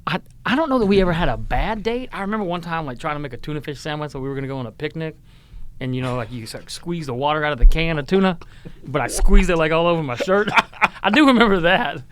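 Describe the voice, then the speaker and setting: A man's voice: a little high, lively intonation, fast, fairly bright tone, slight background noise. A man in his forties co-hosting a podcast, telling stories in a loose, rambling way full of fillers. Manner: rambling, filler-heavy storyteller. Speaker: podcast co-host. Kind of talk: casual chat.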